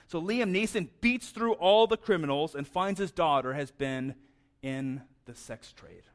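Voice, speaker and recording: A man's voice: a little high, fairly bright tone. Chatty, stammering man preaching. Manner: conversational, stammers and repeats words. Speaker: pastor. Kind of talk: sermon.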